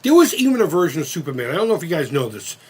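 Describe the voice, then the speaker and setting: A man's voice: fairly high pitch, sing-song, rapid-fire, husky. A man of fifty hosting a casual live-stream chat, rambling and cursing with many restarts. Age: 50s. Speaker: channel host.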